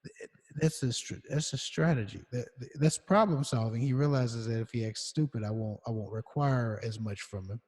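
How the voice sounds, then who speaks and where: A man with a slightly husky voice talks casually on a podcast, telling stories in a loose, relaxed way. He uses lots of fillers and restarts. His voice trails off into a long reverberant echo. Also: medium pitch, normal speed. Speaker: podcast co-host. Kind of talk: casual chat.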